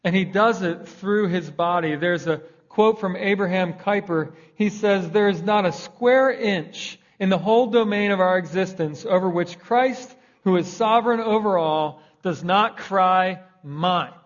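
A man's voice: sits high, normal speed, hardly any pauses. A young man preaching a sermon in a conversational way, raising his voice for emphasis. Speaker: pastor. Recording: dull lo-fi recording.

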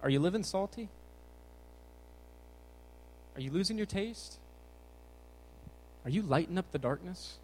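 A man's voice: high voice, unhurried, pauses often, slight background noise, rough recording. A young man giving a casual, jokey sermon to teenagers as a youth pastor, talking with energy. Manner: energetic, jokey, bouncing around.

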